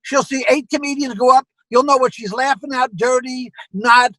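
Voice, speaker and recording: Bright high-voiced man telling stories. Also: normal speed, no room sound, low-quality recording. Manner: animated storyteller acting out quoted exchanges. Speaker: comedy club owner, guest. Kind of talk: casual anecdote telling.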